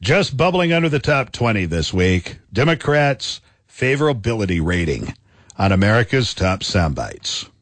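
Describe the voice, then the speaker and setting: A man announces a radio countdown of the week's top clips in a punchy, scripted style. His pitch moves around a lot, and the recording is dry, with no room sound. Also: a bit bright, no echo.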